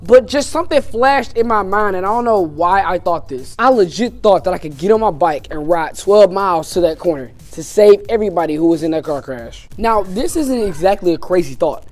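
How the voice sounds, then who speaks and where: A man's voice: sits high, animated, a little fast, hardly any pauses, darkish tone. A man telling a personal story on his vlog in a loose, casual way, dropping "man" and "you know" into nearly every sentence. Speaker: YouTuber.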